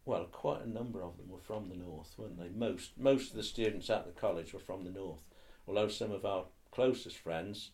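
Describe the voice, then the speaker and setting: A man's voice: low-pitched, normal speed, few pauses, a little mellow. An older man being interviewed, speaking thoughtfully and hesitantly, with restarts and tag questions. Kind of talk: reflective oral-history interview.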